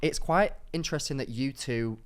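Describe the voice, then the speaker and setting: A man's voice: mid-range voice, normal speed, clear, resonant tone. A man hosting a podcast, chatting casually with self-mocking banter and frequent laughs. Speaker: podcast host. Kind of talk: casual chat.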